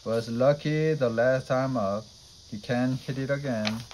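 A man's voice: medium pitch, unhurried, darkish tone, slight background noise, close to an everyday voice, low-quality recording. A man voicing a mocking rival youth baseball team in a storybook reading. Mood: taunting. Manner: mocking, taunting.

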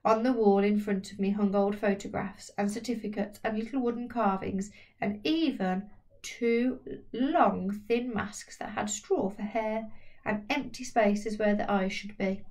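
A woman's voice: mid-range voice, a little slow, a little mellow, distant mic. Woman reading a children's story. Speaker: audiobook reader. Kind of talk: storybook narration.

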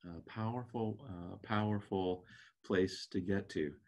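A man's voice: low-pitched, steady tone, a little slow. A man teaching a Bible class lesson in an earnest, reflective way.

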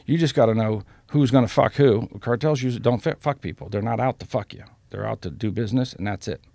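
A man's voice: medium pitch, fast talker, gravelly, warm tone, no room sound. A man telling street stories as a podcast guest, blunt and full of profanity. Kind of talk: storytelling in a casual interview.

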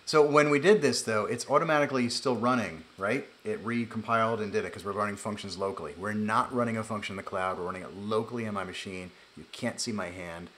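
A man's voice: on the low side, fast, hardly any pauses, a bit bright. A man with a nasal voice, hosting a live coding stream in a chatty, joking way and narrating each step. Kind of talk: casual live coding chat.

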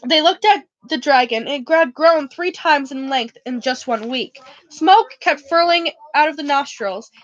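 Young woman reading a novel out loud, trips on words and fixes them, high voice, dead dry muffled mic. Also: no room sound. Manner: stumbles and self-corrects while reading. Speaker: reader.

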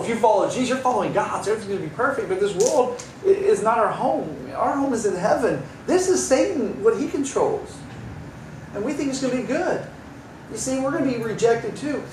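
A man's voice: high voice, darkish tone, slight background noise. Man preaching in a roomy church. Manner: conversational, wry asides, acts out quoted voices. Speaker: pastor. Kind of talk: sermon. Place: church sanctuary. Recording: roomy church sound from a distance, faint ambience.

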